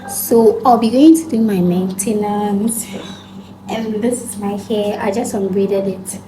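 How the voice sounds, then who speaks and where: A woman's voice: medium pitch, fairly even intonation, a little slow, noisy background. A young woman vlogging in a casual chat, walking through her plans for the day.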